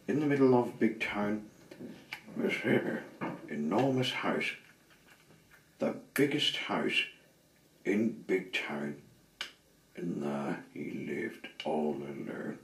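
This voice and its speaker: A man reading a children's story aloud with dramatic pauses and expressive delivery. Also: sits low, slight background noise. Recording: roomy, slightly distant mic.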